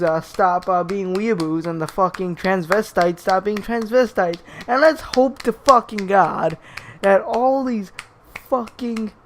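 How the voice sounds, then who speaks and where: A man's voice: high-pitched, a little hiss or hum. Young guy ranting, swears nonstop, keeps stumbling on words. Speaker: YouTube commentator. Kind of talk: profane rant commentary.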